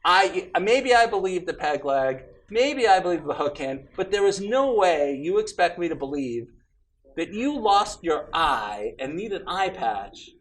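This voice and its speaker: A man's voice: high voice, big pitch swings, unhurried, a bit bright, pitched above the performer's own voice, full character voice. A man voicing a skeptical male bar patron in a joke, doubtful and questioning.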